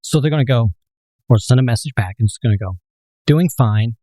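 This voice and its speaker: Calm male dating coach, warm dark tone, explains patiently, dry close sound. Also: medium pitch, quick pace, no room sound, rough recording. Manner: calm, explanatory, tells personal stories. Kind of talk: casual chat.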